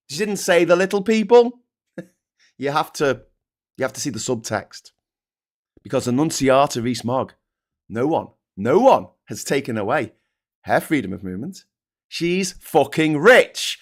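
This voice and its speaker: A man's voice: mid-range voice, sing-song, a little slow. A man ranting in political commentary, sardonic and profane.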